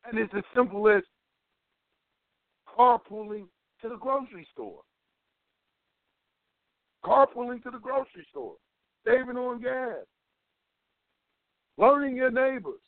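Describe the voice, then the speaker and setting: A man's voice: very high-pitched, slow, long pauses, no echo. A man giving an impassioned political talk as an organizer, emphatic and preachy, repeating phrases for weight. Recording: tinny phone line, dry.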